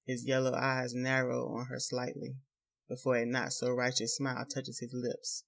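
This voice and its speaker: A man narrating a novel in a measured, even storytelling voice. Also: medium pitch, vocal fry. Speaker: audiobook narrator. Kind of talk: scripted narration.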